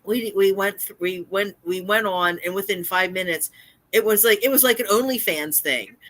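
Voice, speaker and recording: A woman's voice: medium pitch, moderate pace, a bit bright, no room sound. A woman co-hosting a casual live stream, chatting, explaining things and reading out viewer comments. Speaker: co-host.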